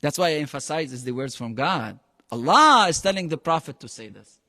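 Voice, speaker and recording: A man's voice: on the high side, lively intonation, fairly quick, sharp tone, big-room sound. A man teaching a Quran lesson, emphatic, often quizzing his class and mixing phrases into his English. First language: Arabic. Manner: quizzes the class with frequent questions.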